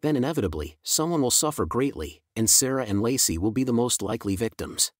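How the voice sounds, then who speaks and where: A middle-aged man giving a scripted first-person story narration in an even, steady way. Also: medium pitch, fast, dry recording, studio quality.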